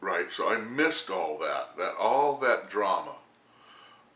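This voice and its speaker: A man's voice: low voice, very animated, normal speed, sharp tone, echoey room. A man in his sixties ranting casually to camera, rambling and crude, laughing often as he talks. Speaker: vlogger.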